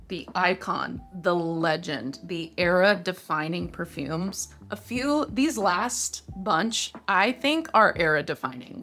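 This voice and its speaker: A woman's voice: fairly low pitch, a bit bright. A woman in her thirties chatting expressively as she reviews perfumes in a casual vlog, reacting aloud as she smells each one. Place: home room with a fan running.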